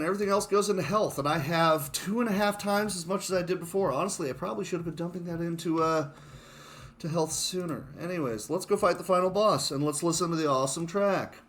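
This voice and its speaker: A man giving casual, self-mocking commentary on his own speedrun of a shooter game, chuckling often. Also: fairly high pitch.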